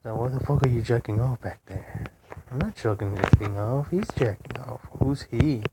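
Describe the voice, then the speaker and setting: A man's voice: mid-range voice, normal speed. Cursing man narrating gameplay. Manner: profane, rambling, talks to himself while searching menus. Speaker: gaming channel host. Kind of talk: casual gameplay commentary. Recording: heavy background noise.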